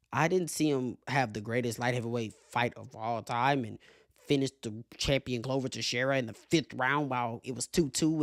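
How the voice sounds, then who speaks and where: A man hosting a casual sports commentary show, animated and profane, laughing often as he makes his case. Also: mid-range voice, vocal fry, no echo, studio quality. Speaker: show host.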